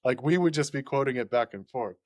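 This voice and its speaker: A man's voice: medium pitch, lively intonation, brisk, darkish tone, no room sound, clean studio sound. A man chatting casually on a podcast, rambling and often laughing, with lots of "like" in his speech. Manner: rambling and laughing, heavy use of "like".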